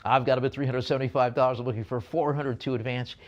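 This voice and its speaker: A man's voice: medium pitch, steady tone, dull audio. Man calling bids at a live auction. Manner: brisk bid calling with jokey asides.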